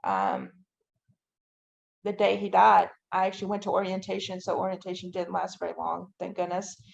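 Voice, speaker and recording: A woman's voice: lowish voice, moderate pace, creaky. A woman guest on a podcast, giving a detailed personal account and often using "you know" and "I'm like". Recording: dull, lo-fi audio.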